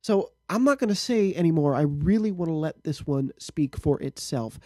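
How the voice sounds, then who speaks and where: A man's voice: on the high side, warm tone, no echo, studio quality. A man hosting a casual interview podcast, joking and upbeat. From United States. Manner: jokey, upbeat, lots of laughter. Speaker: podcast host.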